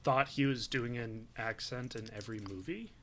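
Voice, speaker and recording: A man's voice: mid-range voice, moderate pace, a bit bright, slight background noise. A man co-hosting a podcast, telling a wry story in casual chat. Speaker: podcast co-host.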